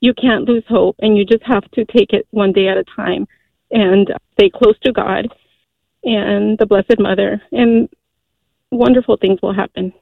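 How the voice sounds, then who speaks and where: A woman in her forties calling in to a radio show, telling a personal story earnestly, with many halting fillers. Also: mid-range voice, steady tone, creaky, dry recording. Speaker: caller. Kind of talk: call-in radio testimony. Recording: tinny phone line.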